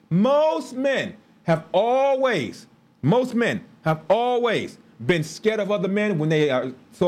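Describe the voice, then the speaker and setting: A man, telling stories casually on a livestream with laughs and asides. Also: high-pitched. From Chicago. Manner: animated storytelling with laughs and asides. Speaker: livestream host.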